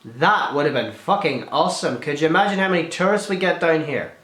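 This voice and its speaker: A man's voice: a little high, a little fast, fairly bright tone, reverberant. A young man, chatting and swearing freely as he answers viewer questions in a casual vlog. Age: young adult. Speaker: video blogger.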